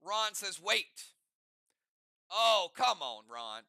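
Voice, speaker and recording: A man hosting a live game session, calling out turns and timers while teasing the players with energetic banter. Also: sits high, moderate pace, vocal fry, no room sound, studio quality.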